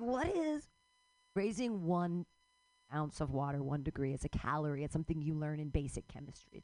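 A woman's voice: medium pitch, no echo. Rambling middle-aged woman comic. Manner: rambling, jumps into loud outbursts, laughs at her own jokes. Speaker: stand-up comedian. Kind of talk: stand-up comedy set. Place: live comedy show.

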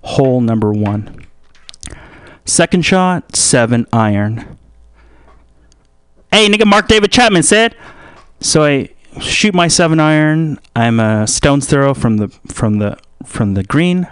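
A man's voice: mid-range voice, animated, slow, clean tone, dry recording, studio quality. A young man hosting a radio show, rambling through a comedic monologue with many restarts. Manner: meandering, restarts a lot, switches into put-on voices.

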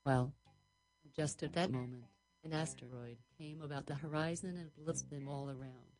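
A woman's voice: sits low, fairly even intonation, normal speed, darkish tone, rough recording. A woman narrating an improvised story in a rambling, dreamy way, stringing long run-on sentences together.

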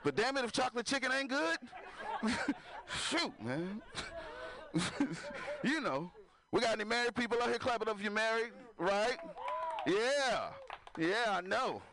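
Animated high-voiced male stand-up comic. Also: moderate pace, pauses often. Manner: loose, crowd-working, laughs at own jokes. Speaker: stand-up comedian. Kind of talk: stand-up comedy set.

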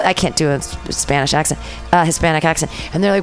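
Low-voiced woman telling rambling stories. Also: quick pace, hardly any pauses, faint music behind. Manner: rambling storyteller, acts out quotes. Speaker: comedian and podcast host. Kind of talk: casual chat.

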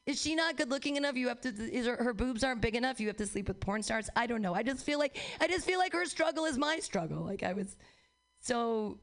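A young woman works through a stand-up set in a rambling, profane way, tossing off quick self-mocking asides. Her voice sits a little high for a woman. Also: animated. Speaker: stand-up comedian.

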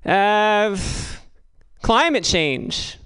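A woman doing a stand-up comedy set, rambling and halting, with crude asides delivered deadpan. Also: mid-range voice, clear, resonant tone, low-quality recording.

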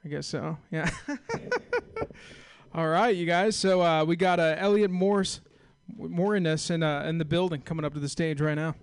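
A man's voice: fairly high pitch, very animated, unhurried. A man hosting an open mic, introducing the next comedian with upbeat emcee patter. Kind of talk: introducing comics.

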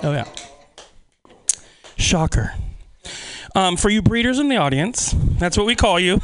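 A man's voice: sits high, normal speed, fairly bright tone. Profane, self-mocking stand-up comic man. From California. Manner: self-deprecating, profane, laughs at own jokes. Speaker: stand-up comedian. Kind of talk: stand-up comedy set.

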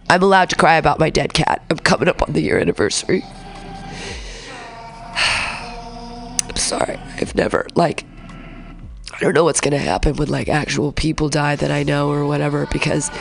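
Gravelly-voiced woman rambling on radio. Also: low-pitched. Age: 40s. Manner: rambling, profane, emotional. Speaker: radio host. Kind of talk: casual solo radio talk.

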